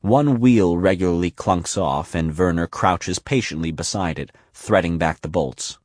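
A man reading scripted literary narration in a measured, unhurried, deliberate way. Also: sits low, darkish tone, dry recording, studio quality. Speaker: audiobook narrator.

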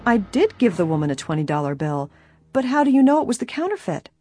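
A woman reading an audiobook, voicing a calm, earnest teenage girl detective. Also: mid-range voice, quick pace, breathy edge, no room sound, clean studio sound, pitched above the performer's own voice. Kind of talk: audiobook character voice.

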